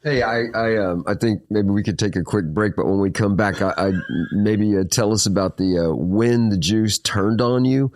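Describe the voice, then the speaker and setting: A man hosting a podcast interview, asking questions in a halting, loose, friendly way. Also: on the low side, a little mellow, slight background noise. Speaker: podcast host. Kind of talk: casual interview.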